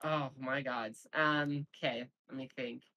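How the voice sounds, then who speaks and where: A woman playing a tabletop game, who thinks aloud and hesitates over her moves. Her voice is very low for a woman. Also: steady tone, slow, pushed and bright, low-quality recording. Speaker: player. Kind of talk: casual tabletop play.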